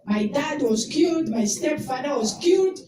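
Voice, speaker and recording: Impassioned high-voiced woman from Rwanda. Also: expressive, normal speed. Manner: emotional, rising to loud exclamations. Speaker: invited speaker at a memorial. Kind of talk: impassioned tribute speech. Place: indoor event hall. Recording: echoey hall recorded from far off with crowd. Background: crowd of attendees.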